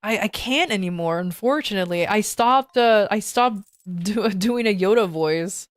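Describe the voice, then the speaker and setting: A woman's voice: mid-range voice, moderate pace. A woman streamer chatting casually with her viewers, playful and joking, laughing often. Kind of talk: casual live-stream chat.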